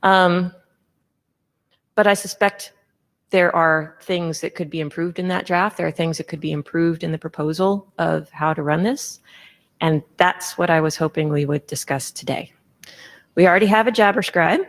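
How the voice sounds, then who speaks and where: A woman with a fairly low, gravelly voice chairs a conference meeting session and presents a proposal informally. She leans heavily on fillers, restarts often, and corrects herself as she goes.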